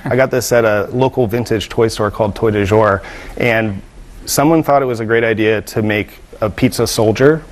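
A man with a fairly low voice, a museum founder guesting on a TV talk show. He explains his collection in a friendly, easygoing way. Faint noise sits in the background. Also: moderate pace, rough recording. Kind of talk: TV interview. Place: TV studio.

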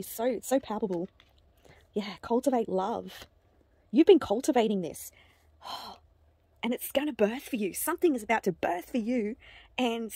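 A woman giving an oracle card reading to camera, gushing and excitable, with frequent halting restarts and delighted exclamations. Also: a little high, breathy edge, no echo. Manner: halting restarts and repeated words. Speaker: psychic card reader.

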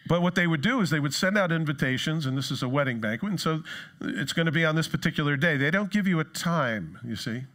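A man preaching a sermon in a casual, joking way, acting out quoted excuses in higher, put-on voices. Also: lively intonation, fast talker, fairly bright tone. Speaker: pastor. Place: church.

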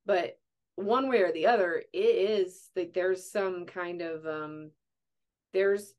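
A woman hosting a casual podcast, with a lower voice than most women. She rambles through her thoughts and leans on "like" and "um" as she goes. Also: takes it slowly, highs cut off. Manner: chatty, rambling, many likes. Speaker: podcast host. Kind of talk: casual chat.

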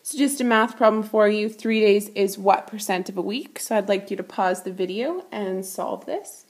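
A woman teaching math as she reads a picture book aloud, her voice mid-pitched and steady. She explains each term patiently and clearly, like a classroom lesson. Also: normal speed.

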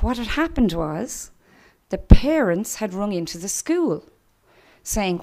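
Irish woman telling a lively testimony. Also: mid-range voice, slow. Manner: animated, laughing, acts out voices in her story. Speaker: church testimony speaker. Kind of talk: personal testimony storytelling.

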